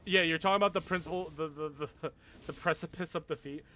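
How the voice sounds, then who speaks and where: A man's voice: on the high side, steady tone, fast, bright, forceful tone, slight background noise. A young man chatting casually with viewers on a gaming livestream, rambling, swearing a lot and laughing often.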